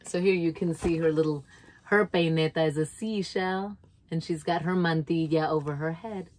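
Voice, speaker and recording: A woman reading a children's picture book aloud, expressive and playful, with asides to listeners. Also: deep voice, normal speed. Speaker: storyteller.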